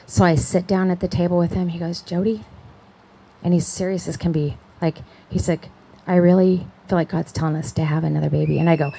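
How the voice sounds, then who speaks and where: A middle-aged woman with a slightly low voice tells her personal testimony. She speaks in a chatty storytelling way, acts out the voices of the people she quotes, and keeps checking in with her listeners. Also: rough recording. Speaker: conference speaker.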